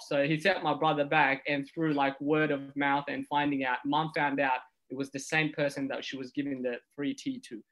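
A man's voice: mid-range voice, normal speed, few pauses. A man who is a comedian, telling a personal story as a podcast guest, acting out what others said. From Ethiopia. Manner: animated storyteller, acts out quotes.

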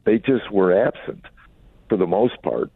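A man's voice: on the low side, very animated, a little slow, vocal fry, husky, no room sound. A middle-aged comedian from Chicago telling wry, candid stories about his family in an interview. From Chicago, USA. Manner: reflective, wry, acts out family quotes. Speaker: comedian and author, guest. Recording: dry phone-line sound.

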